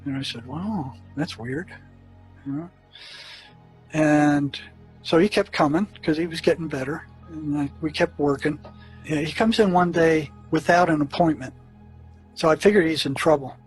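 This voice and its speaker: A man with a slightly raised voice recounts his years as a prison therapist. His telling is earnest and halting, full of restarts and fillers. Faint music plays underneath. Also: fairly high pitch, rough recording. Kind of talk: storytelling recollection.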